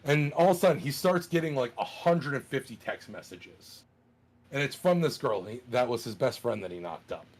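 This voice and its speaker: A man in a casual podcast chat, retelling a plot in an animated, profane way, with many fillers. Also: medium pitch, moderate pace.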